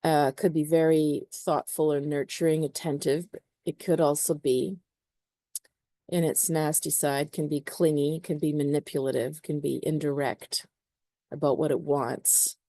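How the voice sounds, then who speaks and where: Woman astrologer, mellow and somewhat low, casual, hedgy delivery. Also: little pitch movement, a little slow, dry recording. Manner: hedging, uses many "sort of" and "you know". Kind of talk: casual spoken explanation.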